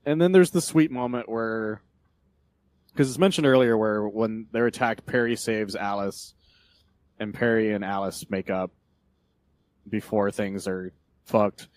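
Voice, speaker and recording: Rambling, swearing podcast host. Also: male voice, lowish voice, a little slow, pauses often, dry recording. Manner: rambling, animated, swears freely, retells scenes. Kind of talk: casual chat about comics.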